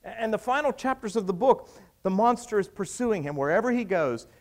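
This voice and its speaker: A man preaching a sermon, retelling stories dramatically and swinging between hushed and raised delivery. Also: sits high, animated, brisk.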